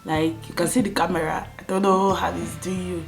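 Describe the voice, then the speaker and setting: A young Nigerian woman with a Nigerian accent tells a story to camera in a casual, animated way, mimicking other people's voices as she goes. Faint music plays softly in the background. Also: fairly quick. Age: young adult. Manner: animated, acts out police voices in higher pitch. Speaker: vlogger.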